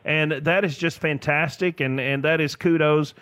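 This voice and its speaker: A man's voice: a little high, fairly even intonation, moderate pace, a bit bright, dry recording. A man, chatting enthusiastically as a financial advisor guest on a radio show. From Tennessee, US. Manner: enthusiastic, laughs often. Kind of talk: casual radio chat.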